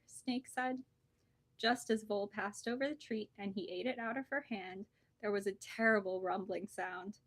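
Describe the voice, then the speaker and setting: A woman bookseller reading a children's storybook aloud with lively, expressive storytelling. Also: medium pitch, normal speed, dry recording.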